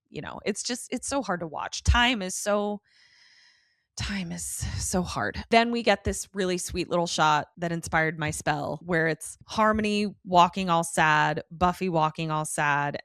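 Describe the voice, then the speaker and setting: A middle-aged woman co-hosting a podcast, recapping an episode in a casual, animated way and slipping into quoted voices. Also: on the low side, unhurried, no room sound, studio quality. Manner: animated storytelling, slips into quoted voices, swears. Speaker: podcast co-host.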